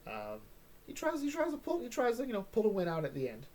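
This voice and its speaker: A man's voice: high-pitched, wildly swooping pitch, fast, a little mellow. A man hosting a casual comic book chat, joking and rambling, often tagging on "all right?". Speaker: comic book podcast host.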